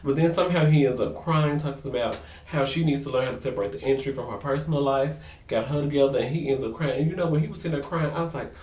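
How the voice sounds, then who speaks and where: Male vlogger, gossipy and sassy, middle pitch, echoey room sound. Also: fast talker, far from the mic. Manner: sassy, gossipy, animated impressions. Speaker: vlogger recapping a reality show. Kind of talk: casual chatty recap. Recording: roomy echo, a bit off-mic.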